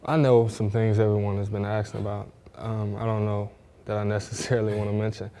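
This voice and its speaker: A man's voice: on the low side, little pitch movement, a little fast, dark tone. A young man from Northwest Ohio, an athlete guest in a casual interview, talking in a laid-back way and often saying "man". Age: young adult.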